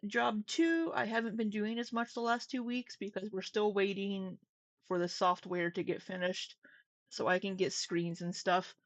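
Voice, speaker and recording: A woman's voice: mid-range voice, normal speed, dry recording. A woman with a runny nose chatting casually on a live stream at home, rambling, greeting viewers and laughing easily. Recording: slightly dull lo-fi stream audio.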